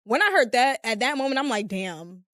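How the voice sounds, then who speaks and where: With a high-sitting voice, lively intonation, and a fast delivery, a young woman hosts a casual storytelling podcast in a room with a small live audience. She's chatty and rambling, using "like" as filler a lot. Her tone is fairly bright and the recording dry.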